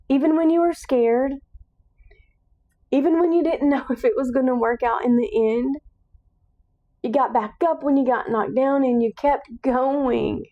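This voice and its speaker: A woman's voice: high voice, muffled recording. A woman hosting a solo podcast, speaking in an earnest, encouraging monologue with emphatic repetition. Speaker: podcast host.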